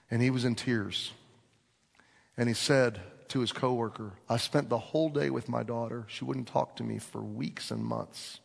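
A man preaching a sermon, telling a story and acting out the dialogue with lively swings in voice. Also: fairly low pitch, gravelly, breathy edge. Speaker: pastor. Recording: long reverb of a large hall.

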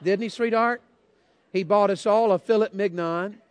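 A man's voice: high voice, moderate pace, clear, resonant tone. A man preaching a sermon, telling folksy stories and calling out to the congregation. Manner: folksy storytelling, calls out to congregation. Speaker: pastor.

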